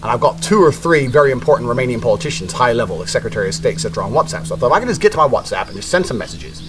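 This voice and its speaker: A man's voice: medium pitch, very animated, rapid-fire, over music. A man telling a story in a blunt, casual way, with heavy swearing.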